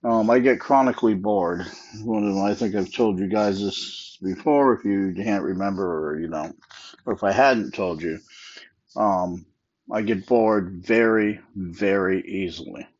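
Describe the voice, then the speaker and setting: A man's voice: deep voice, unhurried, darkish tone, slightly rough, highs cut off. A sleepy man talking on a casual solo podcast, yawning and rambling with many fillers. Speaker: podcast host.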